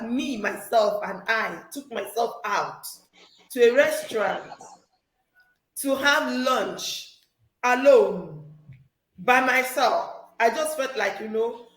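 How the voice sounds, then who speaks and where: A middle-aged woman co-hosting a relationship advice talk, speaking in an animated, preachy way and acting out quotes with laughter. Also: fairly high pitch, roomy sound, low-quality recording. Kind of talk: casual advice chat.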